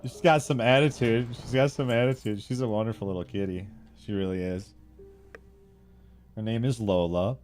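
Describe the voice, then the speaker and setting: A young man chatting casually with viewers while he streams a game, relaxed, laughing often and swearing freely. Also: lowish voice, normal speed, faint music behind. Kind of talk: casual live-stream chat while gaming.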